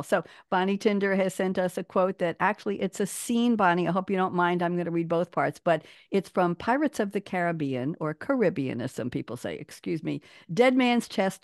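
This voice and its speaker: A woman hosting a live online talk show, chatty and animated, laughing often, speaking over a video call. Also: on the low side, gravelly, dry recording, studio quality. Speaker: host.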